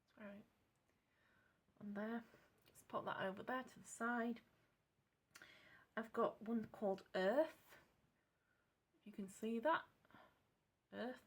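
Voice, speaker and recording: In her craft vlog, a woman from England talks off the cuff, wandering between thoughts, fixing her own words and saying sorry as she goes. Her husky, fairly high voice stays steady, taking it slowly with long pauses.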